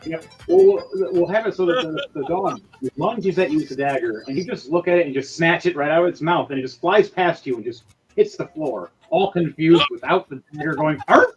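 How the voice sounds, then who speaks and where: A man's voice: a little high, lively intonation, highs cut off, crowd noise. Rambling man running a tabletop game. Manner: rambling, halting restarts. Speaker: game master.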